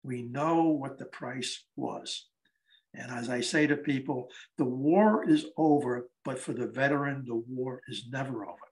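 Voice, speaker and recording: A man's voice: medium pitch, measured pace, darkish tone, low-quality recording. A man in his eighties, a guest speaker at a library event, telling stories conversationally and acting out the dialogue. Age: 80s. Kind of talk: storytelling talk.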